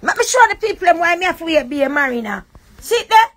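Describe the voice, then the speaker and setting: Quick and sing-song, her very high-pitched voice carries an emotional live-stream rant. The Jamaican-accented woman sounds raw and accusatory, repeating herself as she goes.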